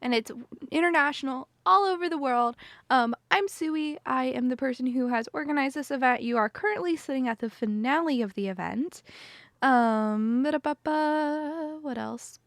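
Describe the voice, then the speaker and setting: A woman's voice: high-pitched, normal speed, a bit bright, dry recording, studio quality. A woman in her twenties hosting a charity livestream, chatty and upbeat, often saying "dude". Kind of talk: casual livestream chat.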